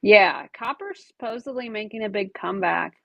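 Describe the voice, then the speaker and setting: A woman hosting a live auction with a gravelly, fry-edged voice, talking in an easygoing, chatty way as she shows off each piece. The sound is dry and close, with no room echo. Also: medium pitch, normal speed, lo-fi sound. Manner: chatty, describes items while handling them. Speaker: online jewelry seller running a live auction. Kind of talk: casual live-stream selling chat.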